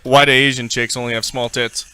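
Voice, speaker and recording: A man's voice: medium pitch, level tone, fairly quick, bright, forceful tone, clean tone. A man co-hosting a podcast, telling riddle-style jokes and laughing often in casual banter. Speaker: podcast co-host. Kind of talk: casual joke-swapping banter.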